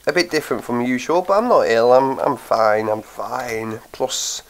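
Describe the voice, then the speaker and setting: At medium pitch and normal speed, a man on a gaming channel chats casually while he plays, tired and blocked up with a cold. He thinks out loud with many ums, and the audio quality is poor.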